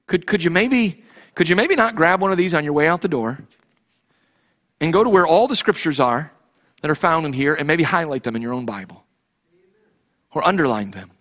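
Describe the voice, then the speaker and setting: A man's voice: on the high side, animated, normal speed, long pauses, fairly bright tone. A man preaching a sermon as pastor, impassioned and full of rhetorical questions, often restarting his sentences.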